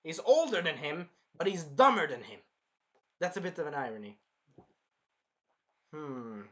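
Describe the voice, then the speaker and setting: A man's voice: on the high side, unhurried. A young man casually reviewing an anime episode, rambling and swearing, now and then acting out the characters. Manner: rambling, profane, animated, acts out the characters. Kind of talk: casual reaction commentary.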